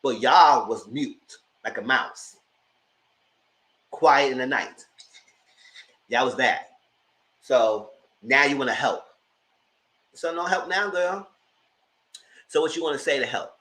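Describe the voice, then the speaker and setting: A man hosting a live TV review, giving sassy, animated commentary straight to his viewers. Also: medium pitch, slow, pauses often, rough recording. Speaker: TV review host.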